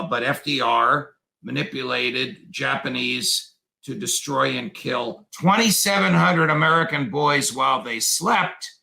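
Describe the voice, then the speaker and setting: A man talking as a guest in a political interview, deliberate and emphatic, lecturing on history. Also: mid-range voice, creaky, pushed and bright, rough recording. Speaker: guest commentator.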